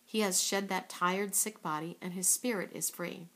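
A woman reading aloud, voicing a kindly adult nurse who is firm but gentle with her young patients. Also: on the low side, steady tone, moderate pace. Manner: firm, reassuring. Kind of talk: storybook read-aloud.

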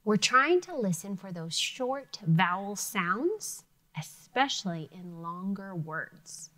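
A woman teacher giving an elementary phonics lesson, sounding out words carefully and clearly for young students. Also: mid-range voice, big pitch swings, slow, pushed and bright.

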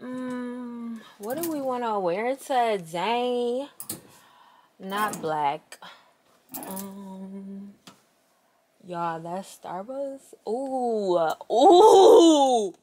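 A young woman chats to her camera in a casual vlog, slangy and unhurried, as if talking to friends. She keeps a relaxed, slow pace and speaks at an average pitch. A faint noise sits under her voice. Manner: chatty, slangy, talks straight to viewers as "y'all". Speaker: vlogger.

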